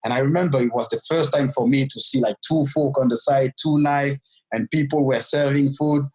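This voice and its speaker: A Frenchman with a French accent, not a native English speaker, tells the story of his life as a guest on a podcast. His English is loose and imperfect, his delivery animated, and his pitch an ordinary middle range for a man. He talks a little fast, the recording quality is poor, and the format is a storytelling interview.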